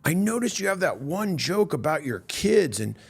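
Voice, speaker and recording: A man doing a light impression of a laid-back middle-aged male comedian who speaks hesitantly and haltingly. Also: a little high, very animated, gravelly, slightly rough, exaggerated voice. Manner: hesitant, halting, softly spoken.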